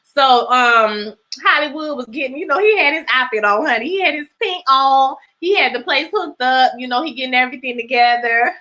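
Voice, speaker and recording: Sassy high-pitched woman recapping a show. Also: normal speed, few pauses. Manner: animated, sassy, swings pitch for emphasis; reads out and greets live chat. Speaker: livestream host recapping a TV episode. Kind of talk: casual chat.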